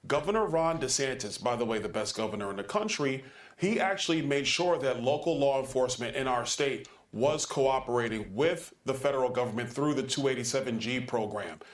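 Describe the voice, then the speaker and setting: A man's voice: mid-range voice, expressive, fairly quick. Combative man in a roomy TV clip. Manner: combative, emphatic. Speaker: politician interviewed on TV. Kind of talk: televised news interview.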